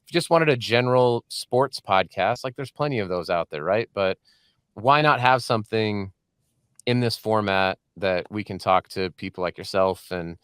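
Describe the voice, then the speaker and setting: A man's voice: fairly low pitch, normal speed, a bit bright, clean tone, no echo. A man hosting a podcast from a home studio, chatting casually and joking often with his guest. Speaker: podcast host. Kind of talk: casual interview chat.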